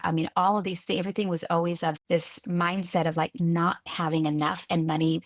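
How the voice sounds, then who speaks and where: A woman from California, a guest on a podcast interview, telling her story earnestly and with lively restarts. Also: fairly low pitch, dry recording, clean studio sound. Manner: earnest, lively retelling with restarts and quoted voices. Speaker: guest, tech executive.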